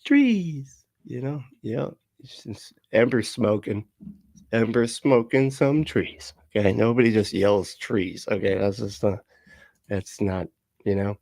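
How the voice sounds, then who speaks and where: A man's voice: on the low side, steady tone, measured pace, creaky, a little mellow, no echo, clean studio sound. A man streaming casually, reading chat comments aloud, rambling with frequent laughs and swearing. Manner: rambling, laughs often, profane asides.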